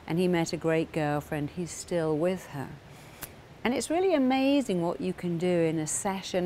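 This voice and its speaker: A woman's voice: fairly low pitch, darkish tone, slight background noise. A middle-aged woman therapist speaking earnestly to camera, acting out the voices of parents and clients as she tells their stories. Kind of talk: talking to camera about therapy.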